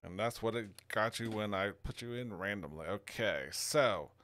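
A man acting as game master in a tabletop game, talking in halting bursts with many fillers. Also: lowish voice, a bit bright. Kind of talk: running a tabletop game over voice chat.

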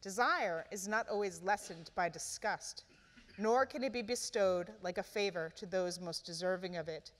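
A woman reading the lines of a cruel, amused fairy queen in a cool, measured, soft voice. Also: mid-range voice, in a large hall, natural voice.

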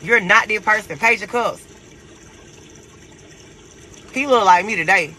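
A man with a high, sharply bright voice gives a loose tarot reading to his viewers. He talks in a brash, profane, animated way. A faint hiss sits under the recording. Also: a little fast, low-quality recording. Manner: profane, animated, laughs a lot. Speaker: tarot reader.

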